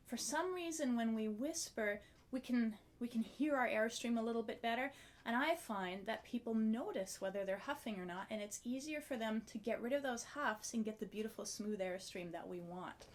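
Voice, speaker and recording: A woman teaching a clarinet video lesson, explaining a breathing technique in a friendly, step-by-step way and demonstrating as she goes. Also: a little high.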